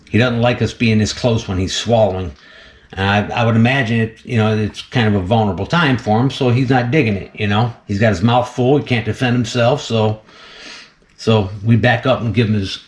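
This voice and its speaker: A man's voice: on the low side, echoey room. A man hosting a casual vlog while feeding a snake, chatty and laughing often as he talks to the animal. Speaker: snake keeper and channel host.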